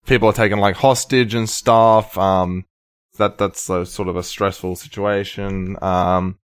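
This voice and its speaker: A man's voice: on the low side, flat delivery, unhurried, smooth, no room sound, clean studio sound. A man co-hosting a casual film podcast, speaking thoughtfully with lots of ums and restarts. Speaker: podcast co-host.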